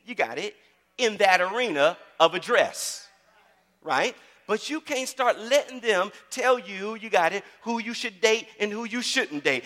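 A man preaching a sermon in a church, calling out to the congregation and repeating phrases as he builds to shouts. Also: sits high, lively intonation, unhurried, long reverb tail. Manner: call-and-response preaching, repeats words, rising to shouts. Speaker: pastor.

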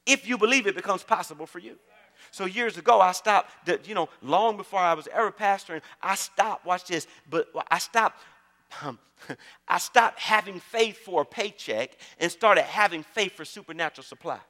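Pastor guy preaching, keeps asking the crowd if they got it, ringing hall echo, sharp bright tone. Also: high-pitched, moderate pace. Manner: emphatic, keeps checking in with the congregation; repeats key phrases for emphasis. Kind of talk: sermon. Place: church sanctuary. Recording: long reverb of a large hall.

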